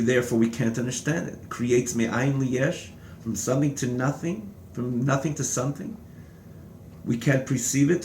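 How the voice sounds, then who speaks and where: A man's voice: mid-range voice, gravelly, darkish tone, slight background noise. A man giving a text-study lecture as a Torah teacher, reading a phrase and then translating and restating it in several words. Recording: echoey room.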